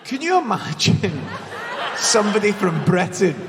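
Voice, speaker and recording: A man's voice: sits high, very animated, a little slow, gravelly, a crowd in the background. Glaswegian man doing punchy stand-up. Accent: Glaswegian Scottish. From Glasgow, Scotland. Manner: wry, punchy joke delivery. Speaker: stand-up comedian. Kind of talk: stand-up comedy set. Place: large concert hall, live on stage. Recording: hall reverb, faint background noise.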